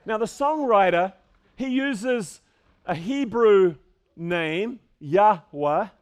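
A man preaching a sermon to a congregation, animated, swinging between loud calls and quiet asides. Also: high voice, slow pace, clear, resonant tone. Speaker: pastor.

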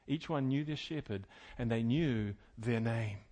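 A middle-aged male pastor preaching a sermon, moving between loud, emphatic preaching and quiet, folksy storytelling with chuckled asides. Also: mid-range voice, a little slow.

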